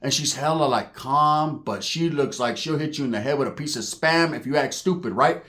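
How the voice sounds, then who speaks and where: A man telling a profane comic story, animated and acting out characters, with frequent "right?" tags. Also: medium pitch, normal speed.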